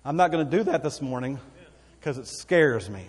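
A man's voice: medium pitch, expressive, normal speed, breathy edge, big-room sound. A man with a Texan accent preaching a sermon as pastor, folksy and conversational, with asides to the congregation. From Texas.

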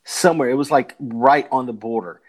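A man's voice: mid-range voice, a little fast. An older man hosting a podcast, chatting casually, rambling with repeated words and easy laughter. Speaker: podcast host. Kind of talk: casual interview chat.

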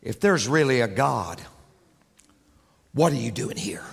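A preacher whispering as a sneering devil. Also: male voice, very animated, takes it slowly, gravelly, sharp tone, long reverb tail, heavily acted. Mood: taunting. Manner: low hissing whisper.

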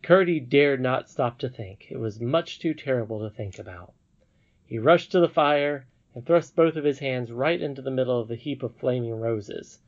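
A man narrating a classic storybook aloud in an earnest, expressive way. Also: medium pitch, gravelly, lo-fi sound. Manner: earnest, expressive reading with self-amused retakes. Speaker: audiobook narrator.

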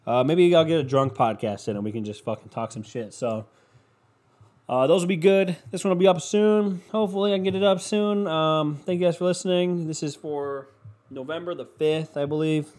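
A man's voice: on the high side, moderate pace, a little mellow. A young man hosting a casual solo podcast, rambling on and swearing constantly, with lots of "like" fillers. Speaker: podcast host.

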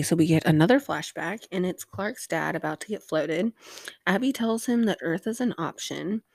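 Low-voiced woman casually recapping a show. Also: no room sound, studio quality. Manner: rambling, filler-heavy, swears casually. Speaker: host recapping a TV episode.

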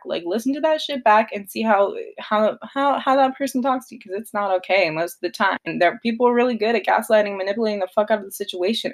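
A young woman hosting a solo podcast, talking in a blunt, confessional way with a lot of swearing. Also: medium pitch. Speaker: podcast host. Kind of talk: casual solo podcast monologue.

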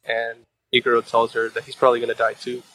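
A man's voice: mid-range voice, completely flat delivery, quick pace, bright, forceful tone, dry recording, poor audio. A man recapping a manga chapter in casual chat, rambling with fillers and restarts, swearing and laughing at the story.

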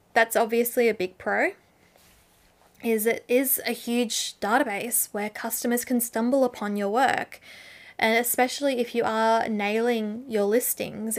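A woman hosting a casual solo podcast, talking through business advice for artists in an earnest, chatty way. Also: a little high. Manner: chatty, earnest, with fillers and restarts.

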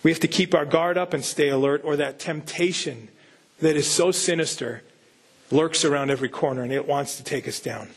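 A man's voice: a little high, a little fast, breathy edge. A man pastor giving a conversational sermon, full of rhetorical questions and casual asides.

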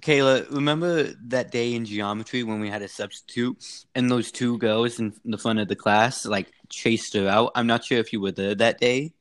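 A man's voice: mid-range voice, normal speed. Chill young guy in a chat with friends, kinda thoughtful, easygoing. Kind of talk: casual chat.

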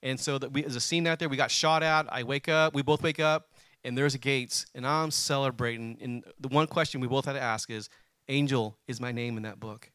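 A man's voice: medium pitch, fairly quick, clear, resonant tone, no echo, clean studio sound. A man preaching a sermon, telling a personal story and calling on the congregation to answer back. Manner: animated, calls on the congregation to respond.

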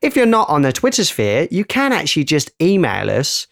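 A man's voice: a little high, huge pitch swings, moderate pace, gravelly, dry recording, studio quality. A man co-hosting a podcast in casual, playful, joking chat. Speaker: podcast co-host.

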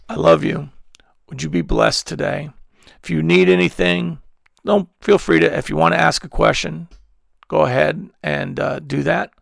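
A man's voice: fairly high pitch, steady tone, moderate pace, creaky, no echo, clean studio sound. A man preaching an earnest devotional message to online listeners, then leading them in prayer. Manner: earnest, repetitive, affectionate, drops to near-whisper at times. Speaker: pastor.

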